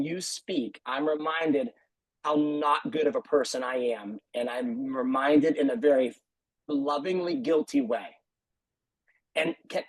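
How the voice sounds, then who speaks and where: A man talks earnestly about running his martial arts school, repeating key phrases for emphasis. His voice sits a little high and has a husky edge. The sound is dry and close, as on a video call. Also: dry recording, low-quality recording. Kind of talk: video call panel talk.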